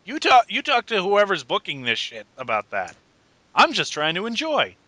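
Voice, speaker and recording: A man hosting a wrestling podcast with a lively, swooping, very bright voice. He talks in an animated, sarcastic way, and the sound is dry and close. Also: high-pitched, normal speed, no room sound. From Scotland. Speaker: podcast host. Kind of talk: casual wrestling podcast chat.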